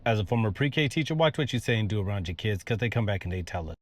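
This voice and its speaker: A man telling comedic stories about his days as a pre-K teacher, with stammered restarts and sudden high-pitched outbursts when flustered. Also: lively intonation, fast talker. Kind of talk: storytelling comedy with acted-out quotes.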